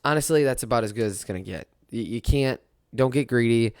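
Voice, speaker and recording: A young man talks sports in a loose, rambling monologue, rueful and quick to laugh at his own bad luck. His voice is smooth and clear, mid-pitched, and sits in a dry space with no room echo. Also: a little mellow. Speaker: podcast host. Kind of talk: casual sports talk monologue.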